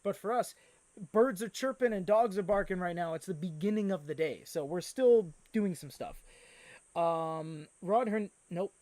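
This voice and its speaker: A man hosting a live stream, chatting casually and reading out viewer comments with excitable energy. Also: high-pitched, measured pace, no room sound. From Canada. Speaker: livestream host.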